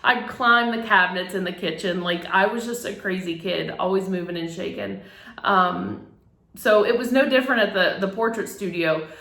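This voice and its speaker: A middle-aged woman who works as a photographer tells a personal story candidly and emotionally, laughing at times and using lots of fillers. Her voice is medium-pitched and fairly bright, at a normal speed. The room is echoey.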